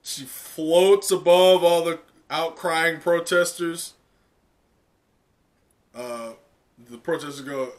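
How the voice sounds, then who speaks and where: A man reacting live to a comic chapter in casual, excited talk full of "like" and laughs. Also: fairly high pitch, takes it slowly, pauses often. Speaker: manga reaction streamer.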